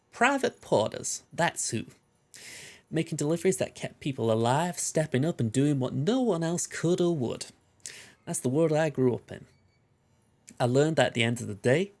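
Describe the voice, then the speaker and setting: Man putting on a veteran porter voice, put-on accent, folksy, gravelly, mid-pitched. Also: a little mellow, lightly acted. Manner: folksy, plain-spoken drawl. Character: gruff veteran male delivery porter, proud, independent.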